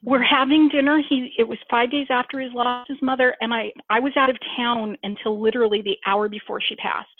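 A woman's voice: fairly high pitch, a little fast, few pauses, no room sound. Woman laughing on a tinny phone line. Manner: candid, laughs often, animated storytelling. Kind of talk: casual chat.

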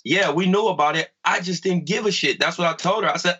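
A podcast co-host with a forceful, bright-edged voice that sits a little high for a man. He tells stories in a loose, profane way and gets loud when he quotes himself. His recording comes through muffled and lo-fi. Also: a little fast, husky. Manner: profane, animated storyteller, quoting himself loudly. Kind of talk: casual chat, storytelling.

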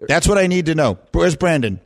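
A middle-aged man hosting a sports radio show, telling stories in a playful, animated way and laughing often. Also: a little high, brisk, gravelly. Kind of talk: casual sports radio chat.

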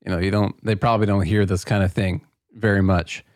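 A man co-hosting a podcast in casual chat, easygoing and quick to laugh along. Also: low voice, fairly even intonation, dry recording, studio quality. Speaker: podcast co-host.

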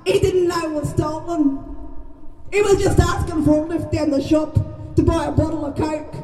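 Australian mother, very high mellow voice, shouted rally speech, echoey and off-mic with a crowd behind. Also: fairly even intonation, normal speed, recorded from a distance, soft background music. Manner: shouted, raw and emotional, swears freely. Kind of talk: impassioned public speech.

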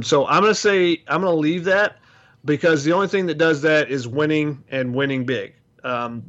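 A man co-hosting a casual sports podcast, reasoning through his points in a measured, thoughtful way. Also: medium pitch, a bit bright, lo-fi sound. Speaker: podcast co-host.

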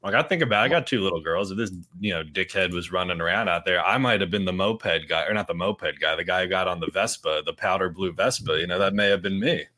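Male co-host, low pitch, bright forceful tone, blunt and salty. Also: fast, hardly any pauses. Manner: blunt, swears casually. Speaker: radio show host. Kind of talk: casual chat.

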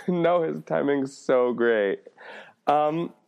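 A man's voice: on the high side, very slow, vocal fry, darkish tone, clean tone. A man co-hosting a podcast in casual banter, giggly and trailing off with um's. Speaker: podcast co-host.

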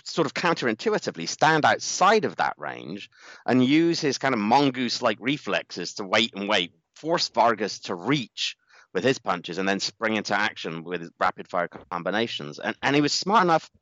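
A man with a low voice co-hosts a boxing podcast, swinging his pitch around in a lively, playful way as he breaks down a fight. The sound is a little dull and lo-fi, with a dry, close feel. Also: normal speed, dry recording. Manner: playful, puts on a jokey mock accent at times. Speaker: podcast co-host. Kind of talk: casual podcast chat and boxing analysis.

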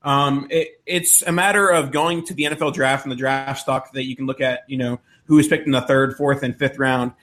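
A man co-hosting a casual sports podcast, laying out his picks in a steady, explanatory way. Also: medium pitch, a little fast, few pauses. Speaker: podcast co-host.

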